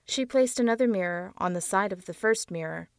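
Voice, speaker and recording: A woman narrating a dark audiobook story in a measured storytelling voice. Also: medium pitch, no echo, studio quality. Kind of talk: scripted narration.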